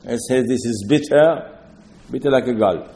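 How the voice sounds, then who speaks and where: A man's voice: mid-range voice, normal speed, dark tone. A man with preaching a sermon, telling stories with asides and rhetorical questions. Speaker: rabbi. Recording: long hall reverb.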